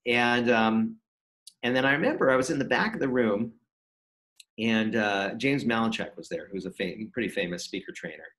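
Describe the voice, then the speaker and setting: Man, lowish voice, podcast guest, animated anecdote, acts out quotes. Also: moderate pace, rough recording. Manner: animated storyteller acting out quoted dialogue. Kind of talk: casual interview storytelling.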